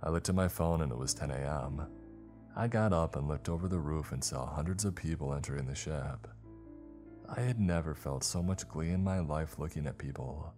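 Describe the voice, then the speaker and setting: A man's voice: very deep voice, moderate pace, a little mellow, soft background music. A man narrating a first-person horror story in a dramatic, scripted storytelling manner.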